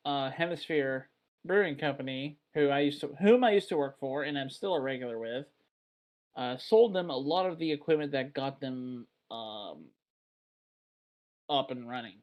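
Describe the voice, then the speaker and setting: Brief: male beer podcast host from Texas, rambling casual chatter, mid pitch, loose swearing. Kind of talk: casual chat.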